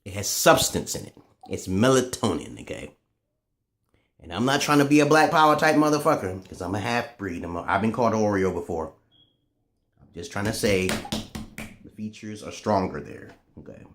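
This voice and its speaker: A man in a casual, profane ranting monologue to camera, swinging between loud outbursts and low muttering. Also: animated, normal speed, pauses often. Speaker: vlogger.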